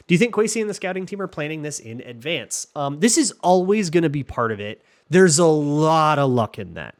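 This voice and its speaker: A man's voice: a little high, very animated, normal speed, hardly any pauses. A man hosting a football talk show, answering listener questions in a loose, joking way with lots of fillers and restarts. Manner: chatty, jokey, many fillers and restarts. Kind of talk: casual chat.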